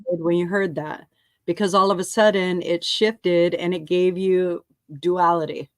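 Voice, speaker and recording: A woman with a lowish voice leads a reflective talk calmly and deliberately. She checks in with brief questions, and her voice sounds dry and close, with no room sound. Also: no echo. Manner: calm, measured, checks in with short questions. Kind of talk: guiding conversation.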